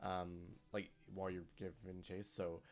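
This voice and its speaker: A game master narrating a tabletop role-playing game, halting and full of fillers. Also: sits low, little pitch movement.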